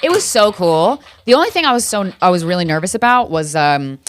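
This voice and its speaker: A woman's voice: on the low side, big pitch swings, a little fast, no echo, studio quality. A woman in her thirties hosting a podcast, telling stories in a casual, chatty way, swearing freely and laughing often. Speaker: podcast host. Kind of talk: casual comedic monologue.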